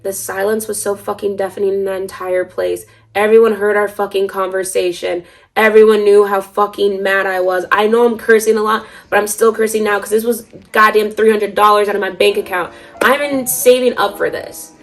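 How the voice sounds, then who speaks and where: Woman vlogging a storytime, kinda gravelly fry in her voice, swears a lot, faint music behind. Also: mid-range voice, fairly even intonation, moderate pace. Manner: chatty, swears freely, many fillers. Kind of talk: casual storytime.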